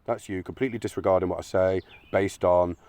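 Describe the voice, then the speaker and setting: A man's voice: sits low, steady tone, fast talker, darkish tone, dry recording. A man giving a blunt, argumentative monologue, swearing often. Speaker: channel host. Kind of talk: opinionated monologue.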